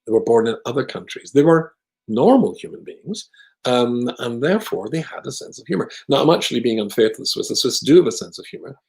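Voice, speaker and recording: A rabbi telling a humorous story with wry, self-deprecating jokes. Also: male voice, medium pitch, very animated, a little fast, vocal fry, a little mellow, low-quality recording. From Scotland. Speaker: rabbi, guest speaker.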